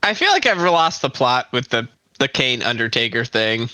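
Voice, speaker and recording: A man's voice: mid-range voice, sing-song, normal speed, bright, forceful tone, dry recording. A man co-hosting a casual watch-along chat who laughs easily and swears. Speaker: podcast co-host.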